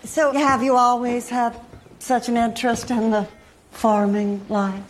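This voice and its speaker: A woman's voice: fairly high pitch, level tone, measured pace, a little hiss or hum, natural voice. A woman playing a dry, suspicious visitor.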